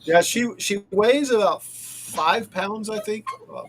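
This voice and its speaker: A man's voice: sits high, takes it slowly, a little hiss or hum. A man chatting on a casual podcast, hesitant and often repeating his words.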